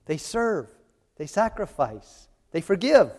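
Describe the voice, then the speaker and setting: A man's voice: fairly high pitch, big pitch swings, slow pace, a little mellow. A man preaching a sermon in an earnest, pleading way, addressing his listeners directly. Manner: earnest, pleading, voices God and Jesus in quotes. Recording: long hall reverb.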